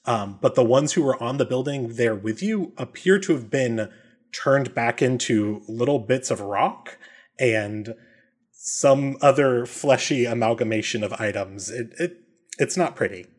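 A man narrating as game master of a tabletop game, in a relaxed way with frequent ums. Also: mid-range voice, a little slow, slightly rough. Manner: relaxed, many ums and uhs.

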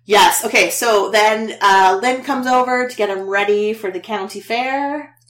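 A woman's voice: medium pitch, measured pace, fairly bright tone. A woman podcast host casually recapping a TV episode, chatty and laughing often.

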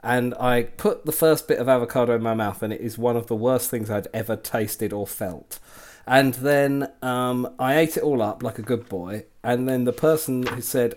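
A man's voice: medium pitch, normal speed, a little mellow. A man co-hosting a podcast, laughing often as he tells anecdotes. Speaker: podcast co-host. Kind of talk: casual chat, anecdotes.

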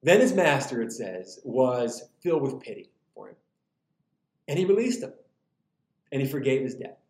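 Animated man preaching in a roomy space. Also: medium pitch, moderate pace. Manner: animated, humorous, conversational preaching. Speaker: pastor. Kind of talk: sermon. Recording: roomy echo.

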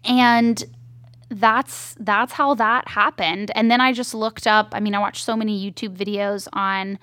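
A woman's voice: medium pitch, steady tone, a little slow, sharp tone, no room sound. A woman filmmaker telling stories with chatty animation. Her voice sits mid-range and the sound is dry and close, with no room around it. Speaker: indie filmmaker guest. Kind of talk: casual interview chat.

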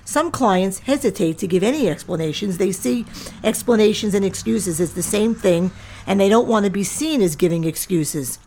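A woman's voice: mid-range voice, animated, normal speed, warm tone. A middle-aged woman hosting her own podcast, talking firmly and directly to listeners in a lecturing monologue. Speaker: podcast host and diet center owner.

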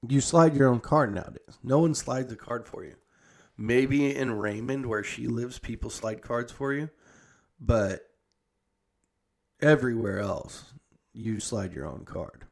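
A man's voice: medium pitch, measured pace, vocal fry, a little mellow. A young man telling a long family story in casual, rambling speech full of "like" and restarts. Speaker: storyteller recounting a family visit.

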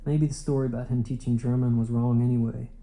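A man reading a literary novel aloud in a measured, unhurried way. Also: mid-range voice, flat delivery, warm tone, low-quality recording. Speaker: audiobook narrator. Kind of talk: literary audiobook narration.

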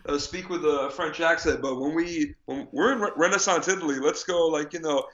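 A man's voice: fairly high pitch, moderate pace, lo-fi sound. A man co-hosting a casual chat, rambling with many fillers and restarts, and laughing easily.

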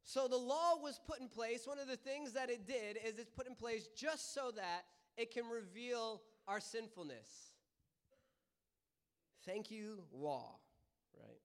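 A young man preaching in a church, his voice high and smooth. He moves from earnest teaching into lively storytelling and laughs easily. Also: measured pace. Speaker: pastor. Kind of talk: sermon with personal story. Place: church service.

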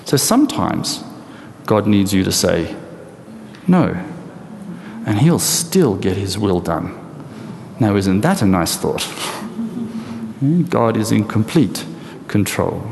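A man preaching a sermon in a lively, animated storytelling way with rhetorical questions, in a large hall or church. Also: on the low side, slow pace, gravelly, long pauses. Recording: echoey hall with long reverb and faint noise.

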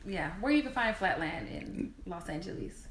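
A woman's voice: fairly low pitch, normal speed, slight background noise. A woman co-hosting a podcast, chatting casually and telling stories with lots of fillers. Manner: chatty, animated storyteller with frequent fillers. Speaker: podcast co-host. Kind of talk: casual chat.

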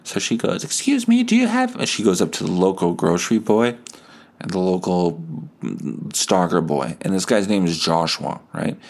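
A man's voice: sits low, moderate pace. A male podcast host improvising a story, rambling and laughing at himself. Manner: rambling, laughs at his own tale.

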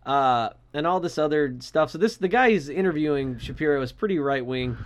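A man with a high voice co-hosts a podcast in loose, casual chat. He swears freely and keeps a dry, sarcastic edge. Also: animated, a little fast. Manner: laid-back and profane, with dry sarcasm. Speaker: podcast co-host.

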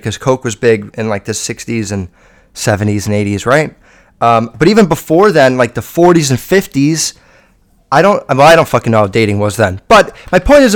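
A young man hosting a podcast, talking in a rambling, profane monologue full of fillers. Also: on the high side. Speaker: podcast host.

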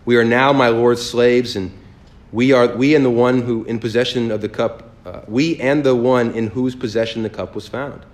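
A man leading a sermon as pastor, reading scripture aloud slowly and then preaching in a lively, joking way. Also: medium pitch.

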